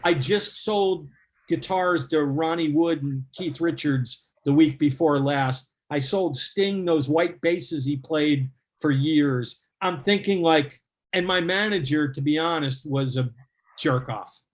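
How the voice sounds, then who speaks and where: Animated higher-voiced man telling stories. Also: slow pace. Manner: animated, laughing storyteller who acts out quotes. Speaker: guest storyteller. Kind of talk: casual anecdote telling.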